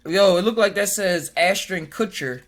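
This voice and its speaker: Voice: mid-range voice, normal speed. A podcast host in casual chat who jokes, laughs often, and stumbles over hard words while reading aloud from web pages.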